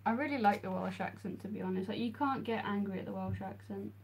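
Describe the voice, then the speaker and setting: A woman's voice: mid-range voice, fast talker, creaky, a little mellow. A young woman from the English Midlands, chatting casually with her livestream viewers while she draws, answering their messages with frequent ums. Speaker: streamer.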